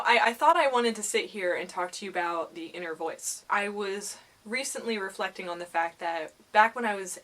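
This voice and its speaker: A woman talking candidly in a casual vlog, sitting on the floor indoors, animated and exclamatory, with self-mocking asides. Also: mid-range voice. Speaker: vlogger.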